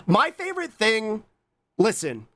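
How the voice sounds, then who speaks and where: A man's voice: high-pitched, huge pitch swings, a little slow, pushed and bright. An American man streaming, chatting casually with lots of swearing and rambling, humming filler sounds between thoughts. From USA.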